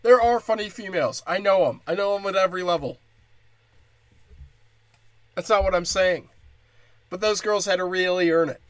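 Guy doing a foul-mouthed standup rant, kinda high voice, dry close sound. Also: normal speed, pauses often, no room sound. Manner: crude, profane, ranting. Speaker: stand-up comedian.

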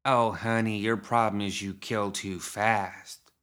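Huge ladylike monster woman with horns, speaking deep and smoky, slow and sardonic, as a male narrator puts her on. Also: fairly even intonation, a bit bright. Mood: dry. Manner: slow, dry and prim.

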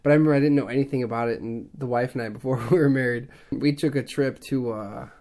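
Male co-host, 30s, lively casual storyteller acting out voices. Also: medium pitch, quick pace. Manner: animated storyteller, acts out other people's lines. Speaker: podcast co-host. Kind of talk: casual chat.

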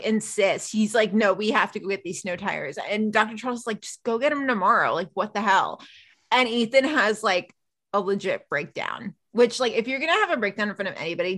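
A woman hosting a podcast, retelling a TV episode in casual chat and acting out the characters' lines. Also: mid-range voice. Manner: animated, acts out characters' lines while retelling. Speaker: podcast host.

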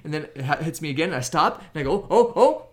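Fast-talking animated male storyteller. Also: on the high side. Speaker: podcast co-host. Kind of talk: casual storytelling chat.

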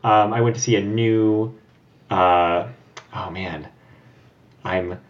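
A man co-hosting a casual podcast, telling stories in a relaxed way with plenty of fillers. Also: on the low side, takes it slowly. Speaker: podcast co-host. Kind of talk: casual chat. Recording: dull lo-fi audio.

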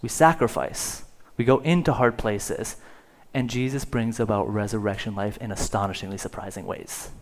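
A male pastor preaching a sermon in church, telling a story with conversational fillers and growing louder at its dramatic moments. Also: lowish voice, fairly even intonation, normal speed, hardly any pauses. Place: church sanctuary.

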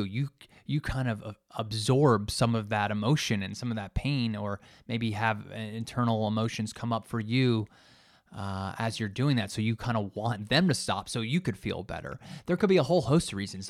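A man's voice: fairly low pitch, no room sound, clean studio sound. A man hosting a solo podcast, talking in an earnest, thoughtful way as he searches for his words. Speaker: podcast host and coach. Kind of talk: solo reflective podcast talk.

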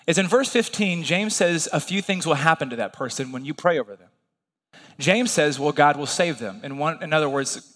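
A man's voice: on the high side, fairly bright tone. Folksy male pastor, echoing hall. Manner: conversational, folksy, asks listeners along. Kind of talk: sermon.

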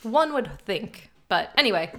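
A woman's voice: on the high side, sing-song, moderate pace, sharp tone. A woman co-hosting a podcast in casual chat, upbeat and teasing, laughing often. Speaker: podcast co-host.

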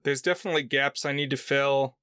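A man co-hosting a podcast, chatting casually about films with relaxed, dry humor. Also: medium pitch, a little fast, clear, resonant tone, dry recording. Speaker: podcast co-host. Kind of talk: casual film chat.

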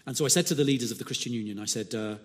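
A man's voice: medium pitch, racing. A man preaching a sermon, telling anecdotes and asking rhetorical questions. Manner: animated storytelling with voiced asides and rhetorical questions. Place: church. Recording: long hall reverb.

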